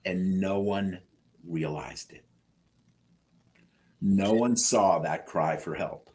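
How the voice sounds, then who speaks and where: A middle-aged man telling his story in an interview, animating the quoted dialogue with lively jumps in his voice. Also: low-pitched, slow pace. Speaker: guest sharing transplant story.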